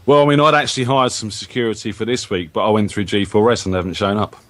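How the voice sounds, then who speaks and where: English male panelist, very low voice, wry humor, dry sound. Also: fairly even intonation, quick pace, fairly bright tone, no echo. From England. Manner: wry, joking. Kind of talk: casual webcast banter.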